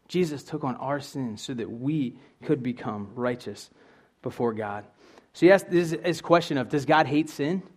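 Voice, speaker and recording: A man's voice: a little high, moderate pace. A young man preaching a sermon in an earnest, conversational way, asking his listeners questions.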